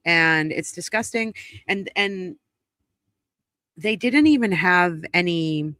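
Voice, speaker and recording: A woman hosting a recap show, speaking in blunt, indignant casual commentary and swearing freely. Her voice is bright and sharp. The recording is close and dry, with no room sound. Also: on the low side, expressive, very slow, pauses often, no room sound. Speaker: trial recap host.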